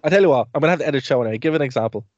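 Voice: medium pitch, expressive, racing, darkish tone, no echo, dull audio. A podcast co-host reacting in casual chat, with a voice that moves up and down a lot. It is recorded close and dry, with no room sound.

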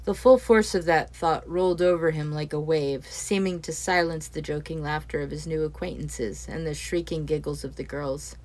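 A woman reading a story aloud as its narrator, steady and expressive. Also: deep voice, normal speed, few pauses. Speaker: audiobook narrator.

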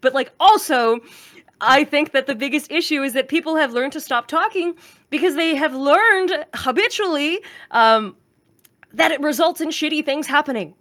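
A woman with a slightly high voice speaks candidly in a casual podcast debate. She sounds animated and laughs easily as she talks. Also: moderate pace. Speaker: podcast guest.

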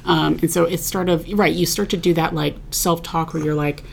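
Gravelly low-voiced woman podcast host. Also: steady tone, normal speed, a little hiss or hum. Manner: chatty, many fillers, agreeable. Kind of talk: casual chat.

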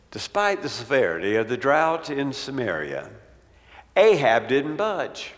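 A man's voice: sing-song, slow pace, fairly bright tone. A man preaching a sermon, telling a story with rising, dramatic swells and acting out the voices in it. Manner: dramatic, acts out quotes with swells in pitch and volume. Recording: long reverb of a large hall.

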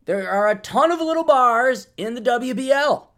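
In a very high-pitched voice at normal speed, a podcast host rambles through crude, comedic stories, animatedly performing the quotes he recounts.

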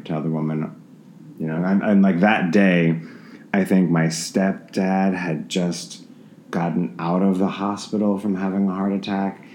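Low-voiced man telling stories in a roomy echo. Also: measured pace, a little hiss or hum. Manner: animated, laughing, acts out quoted voices. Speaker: guest, dancer and dance professor. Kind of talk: casual storytelling conversation.

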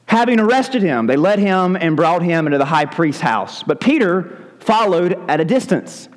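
High-voiced preacher in a reverberant church. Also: male voice, lively intonation, moderate pace. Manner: storytelling, vivid and dramatic. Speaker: pastor. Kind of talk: sermon. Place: church sanctuary.

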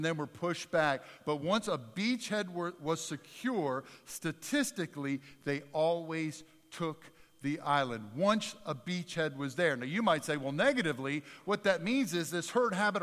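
A man preaching a sermon in a fairly high voice, easy and conversational, with restarts and bursts of emphasis. His words ring out with a long reverb, as in a church hall. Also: a bit bright. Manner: conversational preaching with repetitions, rising to emphatic peaks. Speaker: pastor.

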